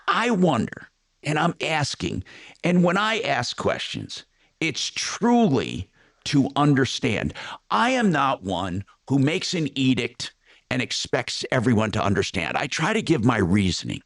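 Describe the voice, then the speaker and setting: A man's voice: medium pitch, vocal fry, no room sound, clean studio sound. An older man hosting a radio talk show, rambling through opinionated remarks with many restarts.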